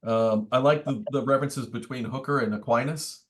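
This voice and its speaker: A man's voice: mid-range voice, fairly quick. Man, priest, mid-range voice, book study teaching, thoughtful, wry. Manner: thoughtful, explanatory, wry asides. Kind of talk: conversational teaching. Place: church meeting room.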